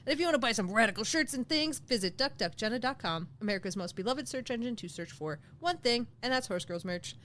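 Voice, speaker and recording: A woman co-hosting a podcast, reading a playful outro with mock threats and quick jokes. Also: fairly high pitch, lively intonation, a bit bright. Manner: mock-threatening, jokey plugs. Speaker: podcast co-host.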